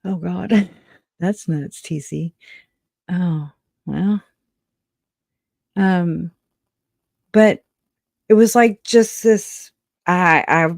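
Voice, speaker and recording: A speaker on a casual livestream who talks in a halting, reflective way, often restarting sentences and laughing softly. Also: mid-range voice, no echo, studio quality.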